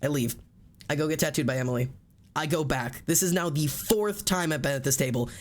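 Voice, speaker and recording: A fairly high-voiced man chats casually on a live stream, swearing freely. He tells his story in an animated way and slips into other people's voices as he quotes them. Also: brisk.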